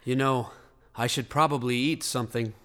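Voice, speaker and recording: A man's voice: mid-range voice, steady tone, normal speed, a bit bright, lightly acted. A man playing a bashful, tongue-tied stranger in a live stage parody, fumbling his words. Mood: flustered. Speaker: stage comedian. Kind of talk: live musical-theater parody. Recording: reverberant theater stage.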